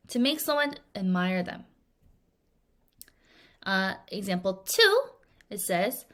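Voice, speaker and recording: A young woman teaching English vocabulary in a recorded lesson. She speaks clearly and acts out little scenes with playful voices. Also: mid-range voice, very animated, a bit bright. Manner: clear, deliberate word-by-word teaching delivery.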